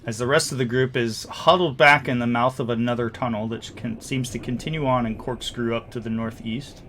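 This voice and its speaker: A man's voice: medium pitch, fairly even intonation, brisk, fairly bright tone, a little hiss or hum. Man narrating as game master, casual. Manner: casual, hesitant narration with many fillers.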